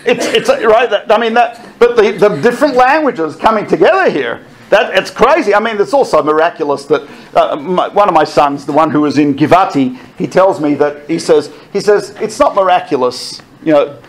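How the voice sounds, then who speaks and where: A middle-aged man telling army stories to an audience, animated and laughing often as he quotes others. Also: high voice, moderate pace, hardly any pauses. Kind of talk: storytelling talk.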